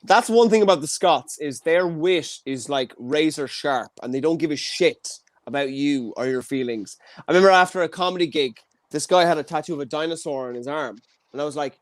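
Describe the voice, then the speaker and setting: A man's voice: on the high side, brisk, no room sound, studio quality. A man hosting a comedy show, teasing his guest and swearing freely in casual chat. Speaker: host.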